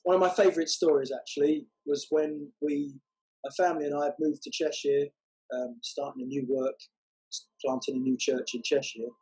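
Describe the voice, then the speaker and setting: A man telling a testimony story as a guest, unhurried and halting with many fillers. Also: on the high side, steady tone, mellow, breathy edge, low-quality recording. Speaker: guest, walking evangelist.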